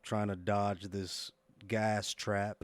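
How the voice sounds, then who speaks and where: A man narrating as game master in a tabletop game, low-key and hesitant. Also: flat delivery, takes it slowly, dry recording.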